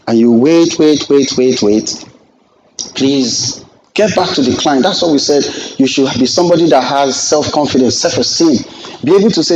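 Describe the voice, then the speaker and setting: A middle-aged Nigerian man teaching a real estate class, lively and joking, acting out exchanges with clients as he goes. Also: medium pitch, moderate pace, highs cut off, a little hiss or hum. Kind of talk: classroom lecture with anecdotes.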